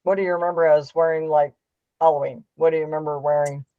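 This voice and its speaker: A woman's voice: low-pitched, fairly even intonation, quick pace, no echo, phone-quality sound. An older woman, a mother, chatting casually and reminiscing with her grown son, laughing often. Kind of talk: casual family chat.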